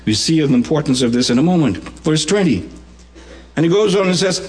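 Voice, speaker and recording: A Bahamian man preaching a sermon, swinging his voice widely for drama and humor while he explains a scripture passage. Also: high-pitched.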